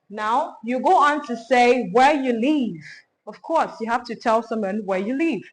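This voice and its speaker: High-voiced woman teaching French basics. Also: rough recording. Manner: slow, repeats phrases for learners. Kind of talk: beginner language lesson.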